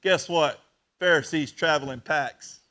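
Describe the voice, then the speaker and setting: Bright-voiced preacher swinging loud to hushed. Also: male voice, on the high side, unhurried. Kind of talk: sermon.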